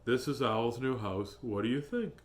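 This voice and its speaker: A man voicing a gloomy, slow old male donkey in a storybook reading, with a mournful drawl. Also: mid-range voice, pitched below the performer's own voice, close to an everyday voice. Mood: glum.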